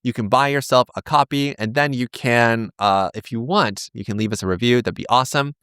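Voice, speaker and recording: A man's voice: mid-range voice, brisk, a bit bright, clear, resonant tone, no echo, studio quality. A man hosting a crypto trading channel, talking casually through charts with rambling, self-deprecating, joking asides. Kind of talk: casual chart-analysis vlog.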